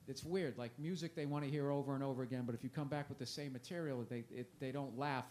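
A man's voice: mid-range voice, steady tone, quick pace, darkish tone. A man in his forties, a comedian talking in a loose, rambling, self-mocking way with plenty of swearing. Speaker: comedian guest. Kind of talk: casual chat. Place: festival interview.

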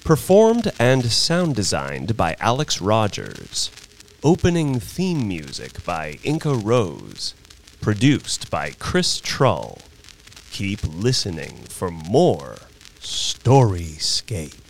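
A man narrating a short story as an audiobook reading, slow and expressive. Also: lowish voice, gravelly, a little hiss or hum. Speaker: narrator and performer.

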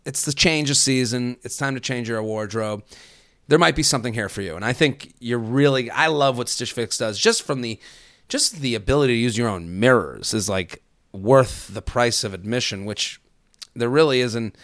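Male podcast host, mid pitch, jokey ad read, animated, dry close sound. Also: moderate pace, no echo. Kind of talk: sponsor ad read.

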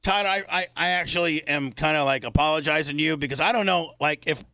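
A man's voice: fairly high pitch, fast, pushed and bright, no room sound. A man hosting a casual podcast chat, brash and profane, rambling and cursing freely. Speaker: show host.

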